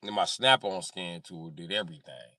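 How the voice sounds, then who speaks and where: A man's voice: deep voice, normal speed, bright, forceful tone, no echo. A man chatting on a livestream, joking and cursing in a rambling way. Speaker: livestream host. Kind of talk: casual livestream chat.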